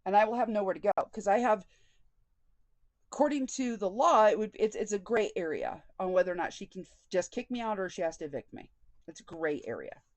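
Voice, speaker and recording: In a dry recording, a vlogger with a mid-range, sing-song, slightly mellow voice speaks fairly quickly. She tells a personal story frankly and with indignation, often quoting conversations.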